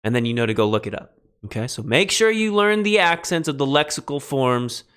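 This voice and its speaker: A man teaching a beginning Greek lesson on a livestream, relaxed and self-deprecating, spelling words out letter by letter. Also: medium pitch, a little fast, clear, resonant tone. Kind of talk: livestreamed lecture.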